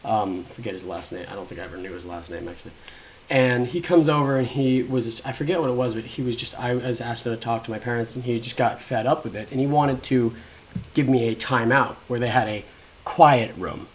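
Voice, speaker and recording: A man's voice: mid-range voice, fairly quick, a little hiss or hum. A young man casually telling his own life story, rambling and frank, swearing often and acting out what people said.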